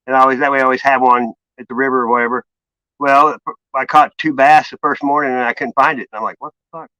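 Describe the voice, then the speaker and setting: Bright-voiced man, rambling and profane. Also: medium pitch, fairly even intonation, quick pace, dry recording, rough recording. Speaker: stream host. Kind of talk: casual chat.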